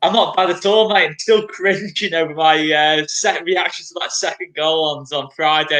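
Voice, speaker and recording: A man's voice: on the high side, steady tone, normal speed, hardly any pauses, bright, forceful tone. A man guesting on a casual podcast, rambling and self-deprecating, heard in an echoey room.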